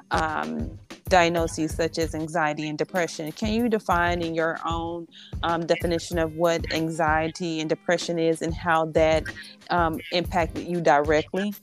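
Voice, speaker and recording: A woman hosting a podcast interview, asking questions gently with soft fillers. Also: low voice. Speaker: podcast host.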